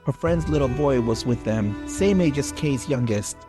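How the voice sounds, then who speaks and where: A man co-hosting a horror podcast, chatting casually and reading a listener story aloud with theatrical pauses and jokey asides. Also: mid-range voice, expressive, over music. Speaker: podcast co-host.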